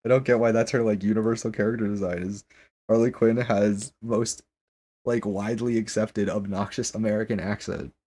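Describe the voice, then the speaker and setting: Male streamer, rambling casual chat, somewhat low and husky. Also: steady tone, moderate pace, mellow. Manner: rambling, questioning, many restarts and fillers.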